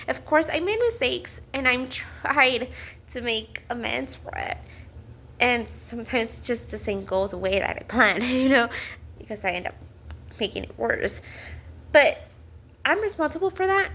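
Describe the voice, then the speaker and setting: A woman talking to camera in a personal vlog, earnest and halting, with many fillers, restarts and small nervous laughs. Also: a little high, expressive, a bit bright. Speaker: vlogger.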